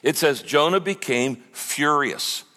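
A man preaching a sermon as pastor, animated and conversational, acting out the voices of the people in his story. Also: fairly high pitch, slow, big-room sound. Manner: lively preaching, acts out quoted voices.

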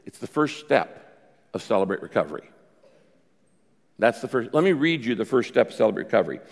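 A pastor delivering a sermon, preaching emphatically with sudden rises in pitch and loudness. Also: male voice, big pitch swings, normal speed. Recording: long reverb of a large hall.

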